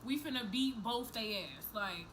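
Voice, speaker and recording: A young woman vlogger telling a story to the camera in a casual, animated, profane way, acting out each person's lines. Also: fairly high pitch, normal speed, slight background noise, rough recording.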